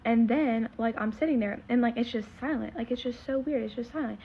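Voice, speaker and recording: A woman's voice: fairly high pitch, a little fast, slight background noise. A teenage girl telling a story in a casual vlog, rambling and full of fillers as she retells something emotional. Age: teens. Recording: slightly muffled lo-fi recording.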